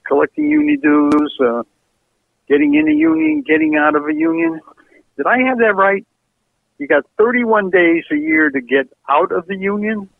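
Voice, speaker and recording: A male caller speaks haltingly over the phone, pausing often. His voice is high and full of heavy vocal fry. It comes through a tinny line. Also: no echo. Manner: halting, with many fillers.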